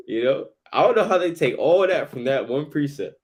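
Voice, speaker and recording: A man's voice: fairly high pitch, lively intonation, moderate pace, hardly any pauses, breathy edge. A man co-hosting a casual Bible study discussion who talks loosely in slang and laughs often.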